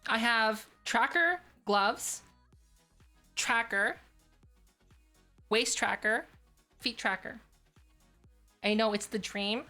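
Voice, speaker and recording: Woman streamer, a touch high-pitched, rambling casual chat over faint background music. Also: very slow, long pauses, pushed and bright. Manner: rambling, filler-heavy, restarts often.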